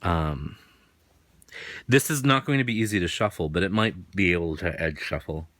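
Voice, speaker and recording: A deep-voiced man, slightly bright and speaking at normal speed with no echo, hosts an unboxing in a loose, rambling manner. He's a chatty, self-deprecating tarot reader with a faint New England accent.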